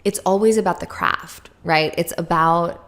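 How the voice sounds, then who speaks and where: A young adult woman hosts her own confessional solo podcast, talking candidly and rambling through her thoughts with frequent laughs. Her lowish, fairly bright voice is unhurried, and her mouth is dry around a lozenge.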